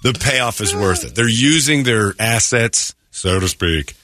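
Lively low-voiced man telling a story. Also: a little slow. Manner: storytelling, jumps into quoted voices. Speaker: radio show host. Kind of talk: casual morning radio banter.

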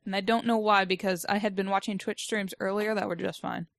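A woman's voice: medium pitch, fairly even intonation, brisk, creaky, no echo, studio quality. A woman co-hosting a casual gaming podcast, matter-of-fact as she reads out news headlines. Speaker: podcast co-host.

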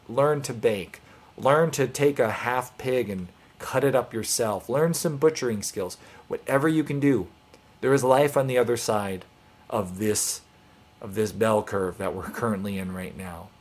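A man with a mid-range, darkish voice runs a live homesteading show online, addressing his viewers in an earnest, casual way. He rambles and restarts as he offers encouragement.

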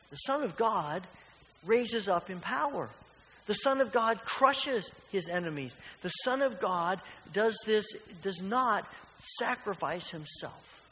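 A man's voice: high voice, a bit bright, heavily acted. A man voicing an earnest male disciple who insists on his point in an emphatic way. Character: earnest male disciple pleading, sure of himself. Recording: reverberant church hall with faint hiss.

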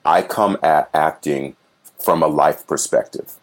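Deep-voiced actor guy chatting about his work, earnest, thinks out loud. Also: a little slow. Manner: earnest, reflective, acts out little voices when telling stories. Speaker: Broadway actor guest. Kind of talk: casual interview chat.

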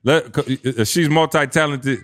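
A man's voice: a little high, normal speed, fairly bright tone. A man hosting a casual podcast, hyped and encouraging, cheering on his guests. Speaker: podcast host. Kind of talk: casual chat.

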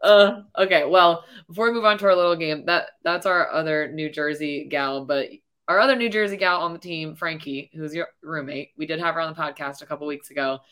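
Woman, low voice, podcast host, casual interview, plain friendly explaining. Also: fairly quick, fairly bright tone.

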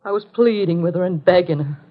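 A woman's voice: fairly low pitch, a little fast, close to an everyday voice. An actress playing a desperate, tense middle-aged wife and mother in a 1950s radio drama, earnest and pleading. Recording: muffled 1950s radio broadcast.

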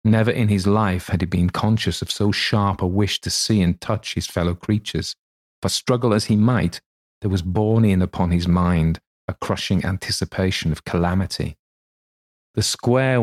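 A man narrating a classic story for a podcast in a measured, even way. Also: deep voice.

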